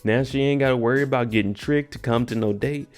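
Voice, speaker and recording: A man's voice: mid-range voice, fast, clean tone, soft background music. A man casually recapping a TV episode, with laid-back, joking slang. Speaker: TV recap host.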